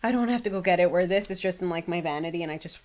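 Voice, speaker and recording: A young woman with a slightly low voice chats casually to her camera at home. She gushes about products and peppers her talk with "like". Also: very fast, darkish tone. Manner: chatty and gushing, with frequent "like". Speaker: beauty vlogger. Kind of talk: casual chat.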